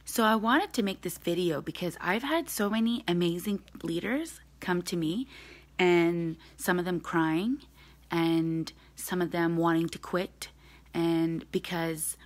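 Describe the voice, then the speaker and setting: Blunt, direct young woman on a live video. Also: on the low side. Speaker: direct sales team leader. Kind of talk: live video talk to her team. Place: at home with her baby.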